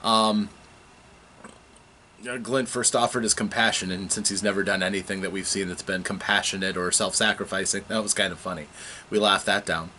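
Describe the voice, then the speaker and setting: A man casually recapping a tabletop game session, telling it with animated, halting restarts. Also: low voice, slight background noise.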